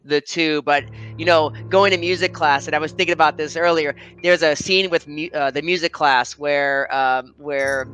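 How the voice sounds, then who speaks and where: A male author answers questions on a video call in a relaxed, friendly way. His voice is slightly high and bright, and he often laughs and fills his pauses. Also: a little hiss or hum, poor audio. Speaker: author guest. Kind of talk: casual interview chat.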